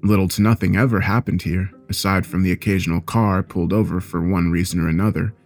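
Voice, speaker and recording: A man reading a scary story aloud in a measured, steady storytelling voice. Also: low-pitched, faint music behind. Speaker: narrator. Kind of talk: scripted horror story narration.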